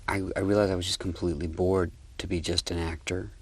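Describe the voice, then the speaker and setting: Low-voiced man recalling a film shoot. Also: level tone, fast, a little mellow, slight background noise. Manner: reflective anecdotal storytelling. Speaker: film director interviewed. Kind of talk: documentary interview.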